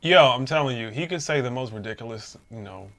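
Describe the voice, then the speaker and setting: A man's voice: medium pitch, lively intonation, fairly quick, a bit bright. A man co-hosting a political talk show, bantering animatedly with stammered restarts.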